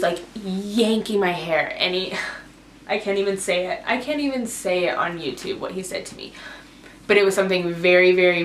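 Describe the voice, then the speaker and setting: A woman's voice: mid-range voice, fairly bright tone. A young adult woman vlogger telling a casual storytime, rambling and emotional, with lots of "like". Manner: rambling, emotional retelling full of "like". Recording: echoey room with faint noise.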